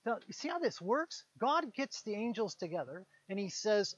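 A man preaching a conversational sermon, retelling a Bible story with quick voiced asides for its characters. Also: sits high, sing-song, slight background noise. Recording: dull, lo-fi sound.

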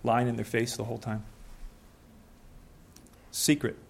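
A young man preaching a sermon to a congregation. His voice sits at a middle pitch, and he talks conversationally, with asides. He breaks into small acted scenes with voices now and then. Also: level tone, unhurried, vocal fry, a little hiss or hum.

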